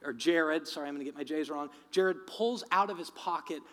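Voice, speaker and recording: A man preaching a sermon, telling a story with acted-out voices and then speaking quietly and earnestly. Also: on the high side, fairly quick. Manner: acts out quoted voices, then drops to quiet earnest reflection. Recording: long hall reverb.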